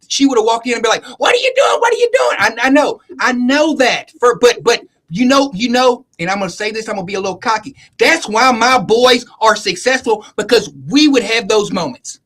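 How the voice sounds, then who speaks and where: A very high-pitched man argues in a loose panel debate. He presses the same point again and again, refusing to let it drop. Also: fairly quick, few pauses, fairly bright tone, low-quality recording. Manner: insistent, repeats himself. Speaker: co-host. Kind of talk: casual debate.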